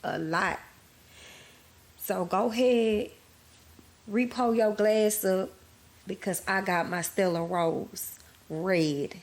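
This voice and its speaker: A woman's voice: mid-range voice, steady tone, slow pace, long pauses. A woman hosting her own podcast, telling her story candidly in casual chat to her listeners. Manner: candid, conversational, addresses listeners as y'all. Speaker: podcast host.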